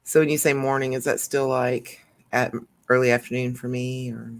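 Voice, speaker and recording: A woman's voice: a bass voice, flat delivery, normal speed. Woman, stream host, casual and rambling, slightly sick. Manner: chatty, lots of fillers and laughs. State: recovering from illness. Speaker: host of a coloring livestream. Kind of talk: casual chat.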